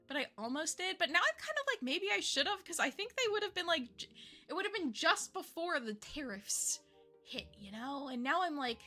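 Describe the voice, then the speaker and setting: Woman streamer, easygoing chatter with lots of giggles and offhand swearing, unhurried delivery, bright tone, faint music underneath. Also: high-pitched. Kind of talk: casual stream chat.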